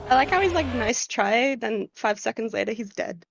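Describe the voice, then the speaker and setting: A woman's voice: on the high side, lively intonation, quick pace, vocal fry, over music. A woman chatting on a stream, playful and teasing. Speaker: co-host on a stream. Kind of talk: casual chat.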